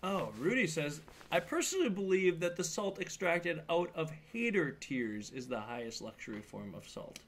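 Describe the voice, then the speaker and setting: A man's voice: a little high, big pitch swings, moderate pace, few pauses, a bit bright, slight background noise. A man co-hosting a live stream, reading out viewer questions to a character. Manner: reads out chat questions to a character. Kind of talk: casual live stream chat.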